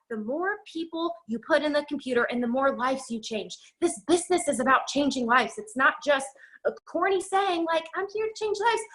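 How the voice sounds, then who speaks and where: High-pitched woman giving a pep talk. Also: pushed and bright. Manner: fast, emphatic, preachy pep talk. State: out of breath. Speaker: network marketing team leader. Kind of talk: motivational talk on a video call. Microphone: video call.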